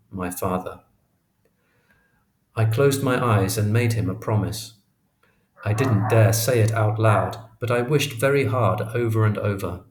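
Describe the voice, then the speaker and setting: Low-voiced male audiobook narrator. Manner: measured, expressive storytelling. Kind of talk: audiobook reading of a memoir. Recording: roomy echo.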